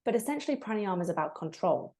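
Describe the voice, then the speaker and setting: This breathwork facilitator, interviewed on a podcast, speaks at a quick pace in a mid-range voice. She recounts her own story candidly and reflectively, bringing quoted moments alive with animated asides.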